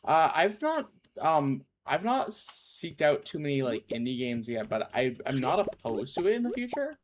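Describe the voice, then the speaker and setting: On a noisy game stream, a man with a fairly high, sing-song voice chats casually at a moderate pace. He rambles and keeps cutting himself off to restart sentences, tossing in goofy asides.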